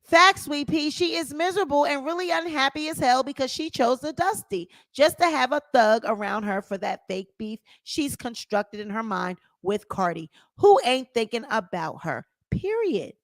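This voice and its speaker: A woman's voice: sits high, expressive, moderate pace, hardly any pauses, no echo. A woman hosting her own channel, giving sassy, opinionated celebrity gossip commentary and calling her viewers honey.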